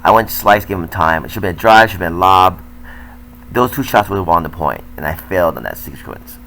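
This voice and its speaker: A man's voice: low voice, lively intonation, brisk, pushed and bright, slight background noise, rough recording. An older man, a tennis coach, talking candidly and self-critically as he comments over footage of his own match.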